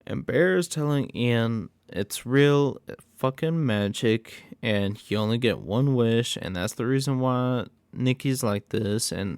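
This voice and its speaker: A man's voice: medium pitch, slow, hardly any pauses, clean tone, no room sound. A man giving a casual, rambling, profane recap of a horror movie plot. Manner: rambling, profane, animated storytelling.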